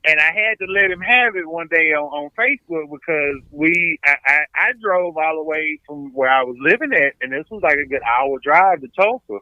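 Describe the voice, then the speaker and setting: A man, a comedian guest chatting on a podcast and telling stories in an animated way, stumbling over repeated words. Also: a little high, normal speed, few pauses, dry recording, muffled recording. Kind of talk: casual podcast chat.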